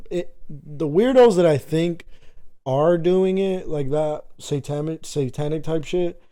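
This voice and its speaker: A young man co-hosting a podcast, joking loudly and swearing in casual chat. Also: on the high side, a little slow. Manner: loud, joking, swearing often, says bro a lot. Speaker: podcast co-host.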